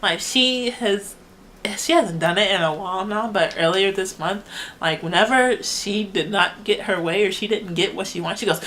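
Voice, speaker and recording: A woman's voice: mid-range voice, normal speed, fairly bright tone, a little hiss or hum, low-quality recording. A young woman talking casually to camera as a mother giving a baby update, rambling with lots of "like" and frequent laughs. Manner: chatty, rambling, heavy use of "like", laughs often.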